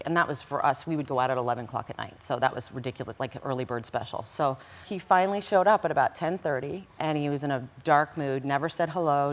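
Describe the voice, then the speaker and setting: A middle-aged woman, a guest in an interview, tells a personal story with feeling and acts out the dialogue. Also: rumbling low. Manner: animated, acts out quoted dialogue. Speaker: interview guest recounting past events.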